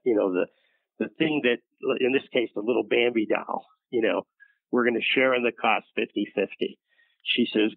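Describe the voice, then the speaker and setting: An older man telling a long workplace story in an interview, halting and restarting often and acting out what others said. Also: fairly low pitch, no room sound. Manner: halting, many restarts, acts out quoted voices. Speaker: interview guest, former studio executive. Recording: tinny phone-like dry sound.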